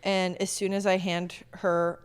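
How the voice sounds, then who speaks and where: A woman's voice: lowish voice, flat delivery, measured pace, smooth. Young woman guest chatting, acts out quotes, laughs a lot, long echoey reverb. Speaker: guest, pro beach volleyball player. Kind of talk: casual storytelling chat.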